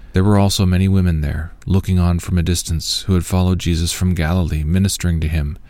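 Deep-voiced man reading scripture solemnly. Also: darkish tone, no room sound. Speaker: scripture reader.

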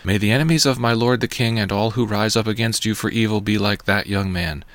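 A man's voice: on the low side, fairly bright tone, no room sound, natural voice. A man reading as a foreign runner with news. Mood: formal. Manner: measured reading.

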